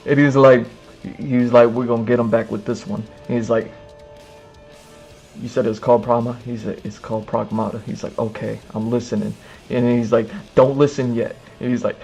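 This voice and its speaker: A man's voice: medium pitch, flat delivery, fairly quick, creaky, a little mellow, muffled recording, soft background music. A male streamer telling a casual comedic story, acting out both sides of an imagined conversation.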